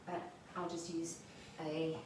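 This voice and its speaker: A woman's voice: low voice, flat delivery, slow pace, a little mellow, a little hiss or hum. A woman hosting a casual home cooking demonstration, chatting cheerfully as she works. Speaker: cooking show host. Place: home kitchen. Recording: echoey room, mic far off.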